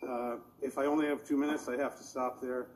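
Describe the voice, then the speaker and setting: A man speaks at a public meeting and rambles earnestly through technical points. His voice sits at a middle pitch. Faint hiss runs underneath. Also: little pitch movement, a little fast, low-quality recording. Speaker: public commenter.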